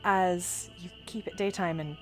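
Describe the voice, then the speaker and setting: A woman's voice: lowish voice, fairly even intonation, measured pace, faint music behind. A woman streamer giving chatty, rambling let's play commentary, thinking aloud as she plays. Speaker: gaming streamer.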